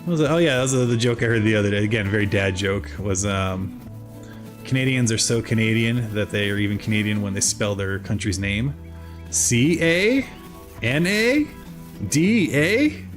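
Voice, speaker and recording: Chatty South Jersey gamer dad, low voice. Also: male voice, a little fast, soft background music. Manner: chatty, rambling, lively with sudden high jumps. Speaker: streamer. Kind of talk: casual gameplay chat with chat readers.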